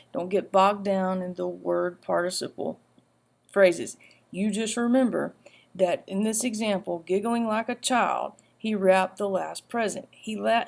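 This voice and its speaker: Gravelly-voiced woman teaching grammar. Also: on the low side, darkish tone. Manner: repetitive, halting, with many fillers; reads example sentences aloud. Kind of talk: grammar lecture.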